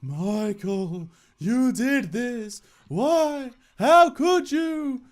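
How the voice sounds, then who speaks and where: A ghostly young woman speaks in a high, thin, stretched-out voice, as a man puts her on for a game playthrough. Every word drags slowly and carries reproach. She sounds like a spirit from a horror game. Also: animated, heavily acted. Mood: eerie accusing. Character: eerie female ghost of a dead young girlfriend.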